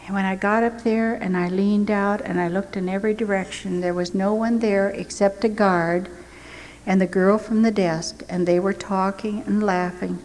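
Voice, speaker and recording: A woman's voice: medium pitch, a little mellow. An older woman telling her wartime testimony as a missionary, in earnest, dramatic storytelling. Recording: echoey hall with faint noise.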